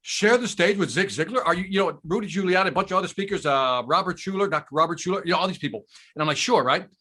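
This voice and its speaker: A man telling a story as a guest on a podcast, animated and enthusiastic, in casual conversation. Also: high voice, fast talker, slightly rough. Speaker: podcast guest, sales trainer.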